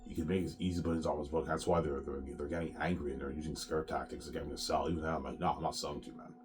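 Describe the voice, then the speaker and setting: A man's voice: extremely low pitch, little pitch movement, racing, noisy background. A sick, coughing man hosting his own show in a rambling, profane monologue that keeps coming back to "man". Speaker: solo show host.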